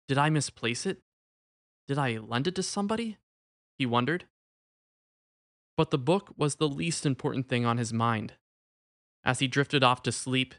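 Man narrating a gentle story. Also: medium pitch, no echo, clean studio sound.

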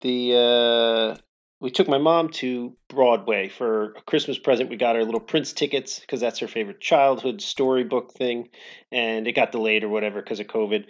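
A man co-hosting a podcast, telling an animated story in casual chat and laughing often. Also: medium pitch, moderate pace, dull audio. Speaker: podcast co-host.

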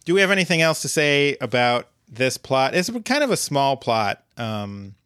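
A man co-hosting a podcast, recapping an episode in a relaxed way with dry humor and lots of ums. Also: medium pitch, moderate pace, smooth, no echo. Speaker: podcast co-host.

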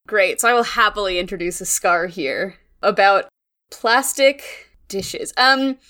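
A young woman playing in a tabletop game, talking casually and thinking out loud as she describes her character's moves. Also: medium pitch, measured pace. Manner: relaxed, thinking aloud with fillers. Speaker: player.

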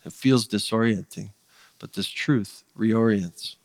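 A man's voice: lowish voice, slow, gravelly, no echo, long reverb tail. A man preaching a sermon as pastor, earnest and conversational, building his points with emphatic rising lists. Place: church sanctuary.

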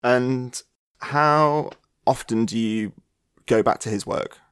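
A man's voice: medium pitch, slow, a bit bright, clear, resonant tone. A man asking brief, curious interview questions. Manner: brief, curious questions and short listening noises.

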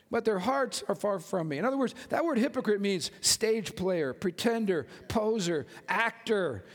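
A man preaching a lively sermon as pastor, joking and calling out to his congregation. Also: high voice, normal speed, hardly any pauses, long reverb tail. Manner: animated, joking, calls out to congregation.

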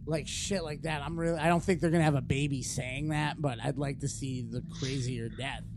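A man's voice: medium pitch, steady tone, a little fast. A man in his thirties hosting a casual podcast chat, profane and rambling. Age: 30s. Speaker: podcast host. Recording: noisy background hiss.

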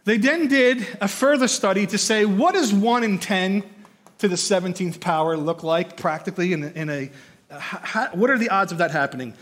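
A man preaching a sermon, teaching from a study book with animated storytelling and frequent rhetorical questions. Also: high voice, normal speed. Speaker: pastor or teacher.

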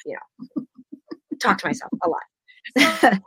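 A woman's voice: medium pitch, very animated, takes it slowly, sharp tone, husky, dry recording, faint music behind. A woman co-hosting a casual faith-based podcast chat, earnest and encouraging, often acting out her own self-talk. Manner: earnest, encouraging, quotes herself aloud. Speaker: podcast co-host.

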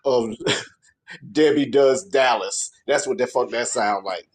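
Male co-host, mid pitch, blunt ribbing delivery, quick to laugh. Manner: blunt, teasing, laughing interrogation. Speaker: podcast co-host. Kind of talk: casual comedic chat.

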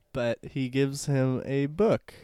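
A man's voice: mid-range voice, warm tone, smooth, no room sound. Co-host, male, mid-range voice, giggly and rambling, dry studio mic. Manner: laughing often, rambling with fillers. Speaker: podcast co-host. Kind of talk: casual chat, improvising a movie plot.

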